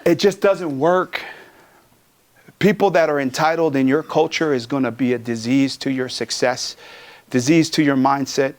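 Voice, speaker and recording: A man from California giving a motivational keynote, energetic and profane, joking with the crowd in a conference hall. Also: medium pitch, creaky. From Pomona, California. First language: Tongan. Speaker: keynote speaker.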